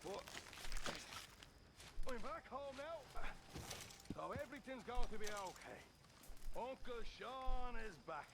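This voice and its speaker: An actor playing a brash, boastful young outlaw in a video game, swaggering and laughing between lines. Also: male voice, very high-pitched, animated, slow, pauses often, full character voice. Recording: noisy game audio.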